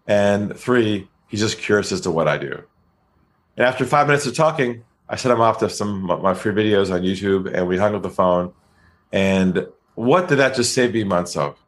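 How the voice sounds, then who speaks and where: A man being interviewed as a sales trainer, telling stories in a calm, deliberate way. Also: lowish voice. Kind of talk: podcast interview storytelling.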